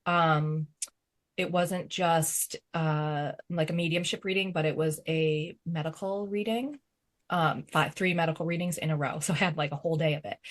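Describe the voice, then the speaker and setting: A woman medium on a podcast panel, chatting casually with lots of fillers and laughter. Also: fairly low pitch. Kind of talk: casual chat.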